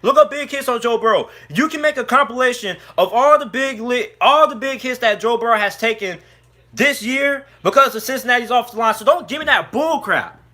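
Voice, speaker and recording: Heated man, sports vlogger, high sharp voice, furious repetitive rant. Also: a little fast. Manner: angry, heated, repetitive ranting. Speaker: sports YouTuber. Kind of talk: ranting sports commentary.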